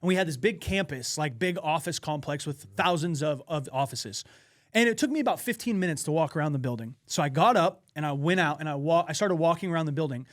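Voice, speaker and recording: A man co-hosting a podcast, telling a personal story in an animated way with frequent swearing. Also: fairly high pitch, fast. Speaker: podcast co-host. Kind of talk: casual podcast chat.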